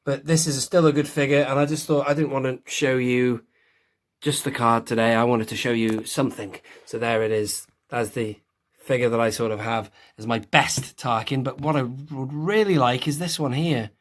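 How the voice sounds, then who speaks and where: A man's voice: medium pitch, steady tone, moderate pace. Rambling man reviewing collectibles. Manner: chatty, rambling, many restarts and asides. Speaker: toy collector host. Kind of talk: casual toy review vlog.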